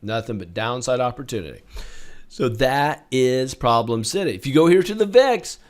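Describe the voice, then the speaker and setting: A man hosting a market review, talking through charts in a punchy, repetitive way, getting loud on key points and dropping quiet on warnings. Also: mid-range voice, expressive, moderate pace. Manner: emphatic, repeats words, swings loud and soft. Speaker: market analyst host. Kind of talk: chart review talk to camera.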